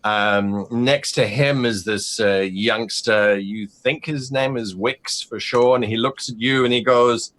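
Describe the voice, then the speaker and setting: A man's voice: mid-range voice, slow pace, hardly any pauses, a bit bright. Man narrating as game master. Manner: rambling, hesitant narration with many fillers.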